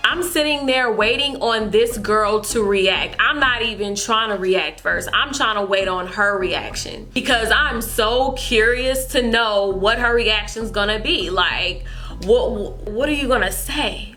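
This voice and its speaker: A young adult woman vlogger telling a storytime to her viewers in an animated way, repeating herself as she goes. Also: mid-range voice, unhurried, hardly any pauses, faint music behind. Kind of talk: storytime vlog chat.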